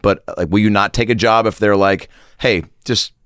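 A man's voice: on the low side, steady tone, normal speed, fairly bright tone, clear, resonant tone, no room sound, clean studio sound. A man hosting a podcast, loose and joking, asking rambling questions. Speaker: podcast host. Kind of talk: casual podcast chat.

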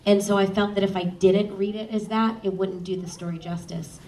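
A woman's voice: medium pitch, fairly even intonation, a little fast, mellow. A woman who narrates audiobooks, chatting casually on a panel with many ums. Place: live event stage. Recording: roomy, distant mic, faint noise.

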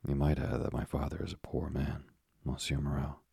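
A man's voice: very deep voice, monotone, normal speed, vocal fry, dark tone, breathy edge, no room sound, studio quality, exaggerated voice. A man reading an earnest young sailor. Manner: earnest, courteous, grave. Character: young male sailor, earnest, dutiful and polite. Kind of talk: audiobook character reading.

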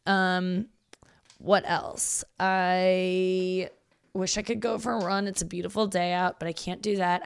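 Rambling, lower-voiced woman comic. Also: creaky. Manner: rambling, self-deprecating, swears freely. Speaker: comedian and show host. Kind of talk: casual solo monologue.

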